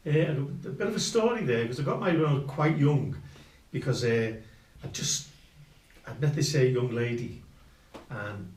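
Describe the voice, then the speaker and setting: A man's voice: mid-range voice, expressive, moderate pace, a little mellow. An older man telling rambling, self-mocking stories from his youth as a guest musician. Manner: rambling anecdotal, self-mocking, with colloquial slang. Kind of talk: storytelling. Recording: roomy sound, distant mic.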